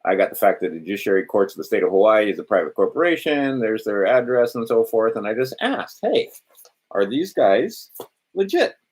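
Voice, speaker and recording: A man's voice: fairly low pitch, quick pace, few pauses. A man hosting an informal instructional talk, thinking aloud, trailing off and restarting, and acting out quoted exchanges. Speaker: host of an instructional video.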